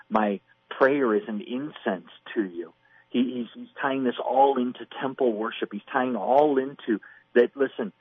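A middle-aged man talks through a Bible passage with earnest emphasis. His voice is husky, and it comes through a dry, narrow, phone-like radio line. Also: medium pitch, no echo. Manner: earnest, emphatic, acts out quoted pleas. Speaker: Bible teacher on a radio program. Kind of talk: conversational Bible teaching.

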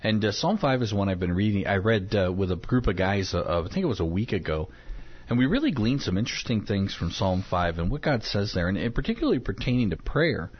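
A man co-hosting a Christian talk show, teaching on a Bible passage in an earnest, searching way, with fillers and slow readings of scripture. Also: lowish voice, big pitch swings, husky. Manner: earnest, hesitant with fillers, reads scripture aloud slowly. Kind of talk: devotional Bible teaching in conversation. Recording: dull lo-fi sound.

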